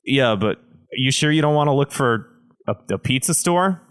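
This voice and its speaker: A man's voice: mid-range voice, expressive, normal speed, fairly bright tone, clean tone, natural voice. A man doing a stubborn dismissive frog. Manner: dismissive, repetitive. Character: stubborn male frog who pushes pizza.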